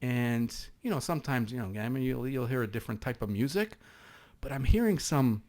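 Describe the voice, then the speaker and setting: A middle-aged man with a Canadian East Coast accent tells stories on a podcast. He talks in a lively, halting way with many restarts, in a mid-range voice. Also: medium pitch. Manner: animated storyteller with many restarts and laughs. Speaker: podcast guest, former SWAT sergeant. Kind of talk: casual storytelling.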